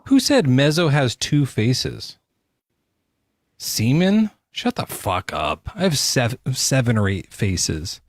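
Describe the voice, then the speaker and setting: A man co-hosting a casual live podcast chat, joking crudely and talking in an animated way. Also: mid-range voice, slow, few pauses, dry recording. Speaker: podcast co-host.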